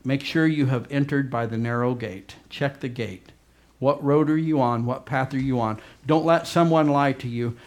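A man preaching a fervent sermon as pastor, swinging between loud urgent emphasis and quiet low asides. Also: moderate pace, few pauses.

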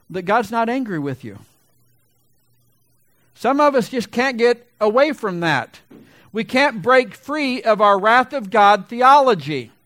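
A middle-aged man preaching a sermon, his high voice turning loud and emphatic as he builds each point. There is a slightly gravelly edge to his delivery, and the sound is close and dry with little room around it. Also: no echo. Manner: loud, emphatic preaching that swells to big peaks. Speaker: pastor.

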